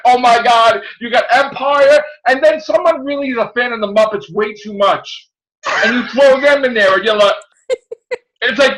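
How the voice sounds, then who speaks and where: Loud, animated man ranting. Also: extremely high pitch, poor audio. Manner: animated ranting, shouting in mock outrage. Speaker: podcast host. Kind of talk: casual chat.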